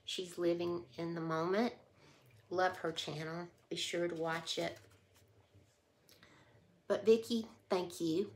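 A woman's voice: lowish voice, steady tone, slow pace, pauses often. A woman vlogger chatting casually to camera, heartfelt and emotional, often trailing off mid-thought. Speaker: haul vlogger.

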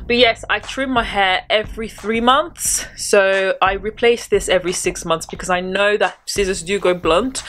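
A woman's voice: mid-range voice, fairly bright tone. A woman chatting casually about hair care tools, with rambling, self-deprecating asides. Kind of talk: casual chat.

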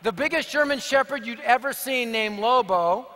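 A man preaching to a large crowd with energetic, joking storytelling. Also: extremely high pitch, moderate pace. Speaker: evangelist speaker. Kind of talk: sermon with humorous storytelling. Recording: long reverb of a big hall.

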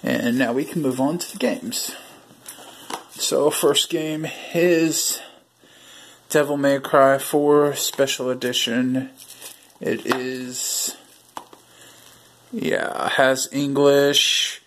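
A man hosting a casual unboxing vlog, chatting to viewers while handling what he unpacks. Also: on the high side. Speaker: video host.

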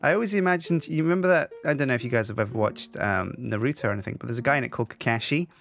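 A man's voice: medium pitch, racing, vocal fry, fairly bright tone, faint music behind. A man chatting and joking casually while playing a game with friends. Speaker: game player and co-host. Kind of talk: casual gameplay chat.

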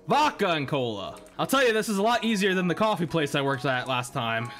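Gaming host, young man, bright and sharp-toned, playful and loud. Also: on the high side, big pitch swings, brisk, faint music behind. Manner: hyped, shouty and jokey, talking to game customers. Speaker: gaming YouTuber. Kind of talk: gameplay commentary.

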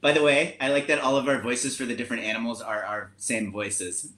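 A man reading a children's book aloud over a video call, playfully shifting his pitch for the animal voices. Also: little pitch movement, fairly quick, sharp tone, reverberant. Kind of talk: storytime reading with chat.

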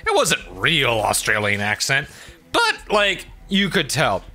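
A man's voice: medium pitch, wildly swooping pitch, slow, sharp tone, soft background music. A man hosting a let's play, rambling in casual gameplay commentary and swearing often.

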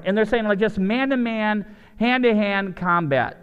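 Pastor man, high smooth voice, big echoey church hall sound, storytelling with energy. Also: moderate pace, muffled recording. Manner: animated storytelling, shifts from excited highs to low asides. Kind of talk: lively sermon with acted-out voices.

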